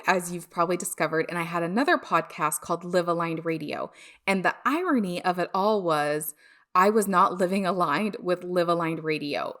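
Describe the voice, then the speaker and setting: A woman hosting a solo podcast, talking in a candid, chatty way and laughing at herself now and then. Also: fairly low pitch. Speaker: podcast host.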